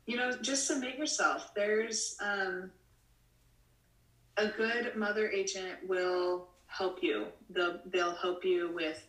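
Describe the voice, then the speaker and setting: A woman's voice: mid-range voice, steady tone, slow, fairly bright tone. A woman from the United States, a model in her late twenties or thirties, answering interview questions in a rambling way full of "you know" and restarts. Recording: roomy, from a distance.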